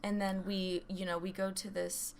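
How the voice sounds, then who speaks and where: A woman's voice: mid-range voice, flat delivery, normal speed, creaky, slight background noise. A young woman co-hosting a casual podcast who tells stories with constant "like" fillers and nervous laughter. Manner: giggly, storytelling, says "like" constantly. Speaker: podcast co-host. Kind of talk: casual chat.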